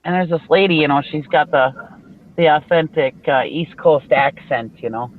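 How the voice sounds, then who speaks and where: A woman's voice: sits low, moderate pace, narrow, tinny audio. A woman from Minnesota chatting bluntly on a video call, telling stories with frequent laughter. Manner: blunt, chatty storyteller who laughs often. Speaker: live show regular. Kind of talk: casual chat. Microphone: online video call.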